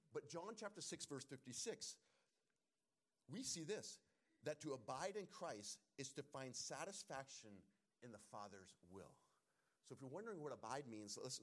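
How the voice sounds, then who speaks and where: A man preaching a sermon, repeating key lines and quoting scripture with animated emphasis. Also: medium pitch. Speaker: pastor.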